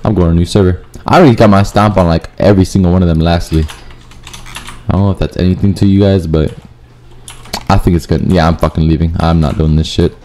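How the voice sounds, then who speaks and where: A man giving profane live commentary over his own gameplay, muttering low and then yelping up high when things go wrong. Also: fairly even intonation, fast talker, dark tone, slight background noise. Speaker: gaming YouTuber.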